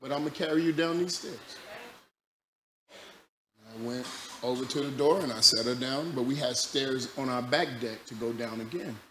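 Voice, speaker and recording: A man preaching a sermon as a pastor, telling a story that swings from loud, laughing bursts to quiet, low passages. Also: normal speed. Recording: echoey room with loud background noise.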